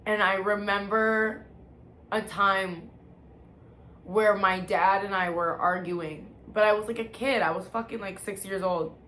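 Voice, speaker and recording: Recorded in an echoey room with faint background noise, a woman vlogger tells her personal testimony in a measured, fairly even, medium-pitched voice with a bit of brightness. The storytelling is casual and confessional, candid and profane. She often breaks off and starts her sentences over.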